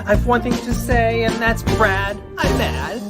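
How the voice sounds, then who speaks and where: A woman singing as a sweet, prim young woman just engaged, in a bright stage-musical show tune from a film. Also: fairly high pitch, unhurried, over loud music, natural voice. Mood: giddy.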